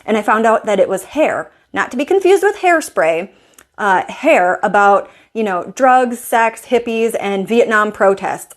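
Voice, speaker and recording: A woman's voice: medium pitch, animated, unhurried. A woman style coach telling a personal story in a vlog, acting out her own inner thoughts as she goes.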